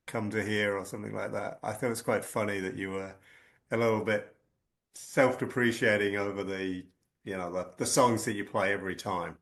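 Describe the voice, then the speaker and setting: A man's voice: on the low side, fairly bright tone. Affable male interviewer. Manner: affable, agreeable, prompting. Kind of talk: casual interview chat.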